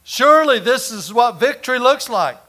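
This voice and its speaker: A man preaching with a high, bright voice. He tells homespun stories in a folksy way. Then he builds up to loud, emphatic points. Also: expressive, normal speed. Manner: folksy storytelling, laughing, rising to loud emphasis. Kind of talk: sermon with personal story.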